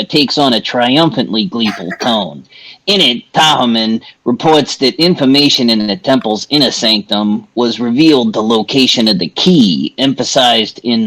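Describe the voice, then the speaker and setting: A man's voice: mid-range voice, a bit bright, rough recording. A man playing in a tabletop game, reading out game text and laughing often as he chats. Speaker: player. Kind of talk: casual tabletop game chat.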